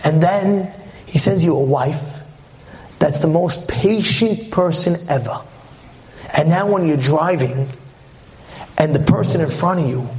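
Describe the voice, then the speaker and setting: Rabbi guy giving a jokey torah talk, fairly high voice, keeps asking the crowd stuff. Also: slight background noise. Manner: animated, acts out little scenes, asks the audience questions. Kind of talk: lively Torah talk with jokes.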